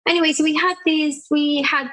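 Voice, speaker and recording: A woman guest artist chatting in an interview, telling animated stories and often acting out the people in them. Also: high-pitched, brisk, rough recording. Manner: animated storyteller, acts out quoted people, laughs often. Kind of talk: casual conversational interview.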